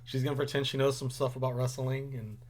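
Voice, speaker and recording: A young man hosting a casual review show, relaxed and rambling with lots of ums. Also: mid-range voice, fast talker, slight background noise. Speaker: host. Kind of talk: casual chat.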